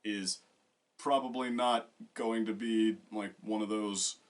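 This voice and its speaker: Low-voiced man rambling about cartoons. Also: steady tone, takes it slowly. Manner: rambling, many fillers and restarts; bursts into loud acted quotes. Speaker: co-host. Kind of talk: casual discussion.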